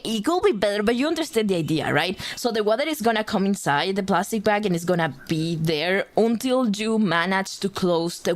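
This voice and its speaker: Woman rambling, swearing streamer. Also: mid-range voice. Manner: rambling animated storytelling with swearing and laughter. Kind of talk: casual livestream chat.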